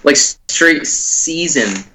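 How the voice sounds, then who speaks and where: A man's voice: on the high side, expressive, extremely slow, pushed and bright, a little hiss or hum. A young man co-hosting a comedy podcast, telling rambling stories full of swearing and filler words. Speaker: podcast co-host. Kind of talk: casual chat.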